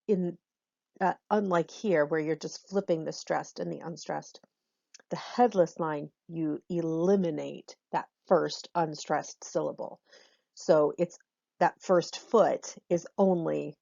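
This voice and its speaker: Female teacher, low voice with some fry, relaxed explanatory lesson delivery, dull dry recording. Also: dry recording. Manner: relaxed explanatory, frequent ums. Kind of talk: recorded lesson on Shakespeare's meter.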